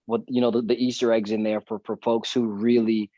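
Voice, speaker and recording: A man's voice: fairly low pitch, brisk, no room sound, highs cut off. A man, an actor guest on a podcast, chatting casually and telling stories with jokes over a video call. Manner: relaxed, joking storyteller.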